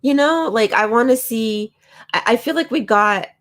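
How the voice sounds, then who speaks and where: A woman's voice: a little high, moderate pace, a bit bright. A woman reviewing manga in a casual chat to camera, talking enthusiastically with lots of fillers and restarts.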